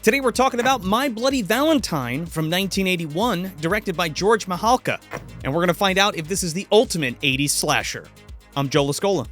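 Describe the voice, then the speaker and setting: A man's voice: sits high, lively intonation, fairly quick, a bit bright, faint music behind. A man co-hosting a casual movie podcast, upbeat and teasing, stretching words for emphasis. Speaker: podcast co-host. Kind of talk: casual chat about movies.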